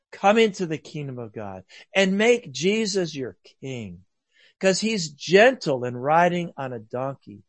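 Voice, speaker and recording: A man preaching a sermon earnestly, rising to loud emphasis and dropping to hushed, soft lines. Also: medium pitch, no echo.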